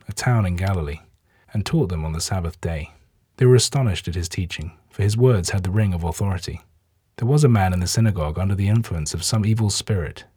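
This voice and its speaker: Low, husky male scripture narrator. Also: no room sound, studio quality. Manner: steady, measured reading. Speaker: scripture reader.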